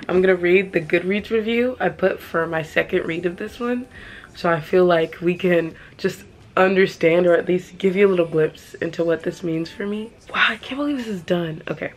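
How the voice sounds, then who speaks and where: A young woman vlogging about books she read, emotional and gushing, talking in quick excited bursts. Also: fairly low pitch. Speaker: book vlogger. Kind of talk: casual reading vlog chat.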